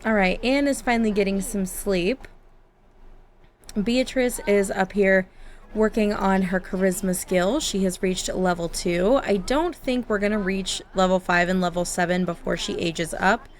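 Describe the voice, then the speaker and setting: A woman's voice: mid-range voice, a little slow, slight background noise. Giggly woman chatting over gameplay. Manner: chatty, giggly, talks to her game characters. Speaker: gaming YouTuber. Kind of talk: casual gameplay commentary. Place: home office.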